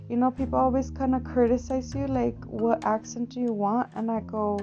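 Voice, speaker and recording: Gravelly-voiced woman musing earnestly. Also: on the high side, level tone, normal speed, pauses often. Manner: rambling, earnest, with frequent filler phrases and restarts. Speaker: speaker sharing life advice. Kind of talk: casual reflective monologue. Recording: dull lo-fi audio with faint guitar music.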